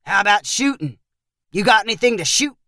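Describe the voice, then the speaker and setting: A man's voice: sits high, animated, brisk, vocal fry, bright, forceful tone, no echo, studio quality, voice pushed up, full character voice. A man reading the part of a rowdy, pushy young visitor who talks in a demanding, mocking way.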